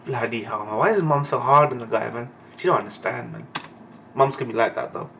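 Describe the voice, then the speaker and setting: Gravelly man, emotional reaction. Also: mid-range voice, big pitch swings, moderate pace, fairly bright tone, a little hiss or hum. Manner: emotional, profane, ends phrases with "man". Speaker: anime and manga reaction host. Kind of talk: live reading reaction commentary.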